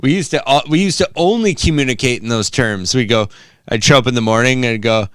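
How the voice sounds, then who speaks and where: A man co-hosting a podcast, joking around in profane, lively casual chat. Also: mid-range voice, a little fast, clean tone, no echo.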